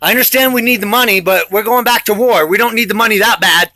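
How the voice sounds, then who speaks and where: Vlogger, male, high and bright voice, defiant and rambling, intense delivery. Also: fast. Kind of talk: rambling monologue to camera.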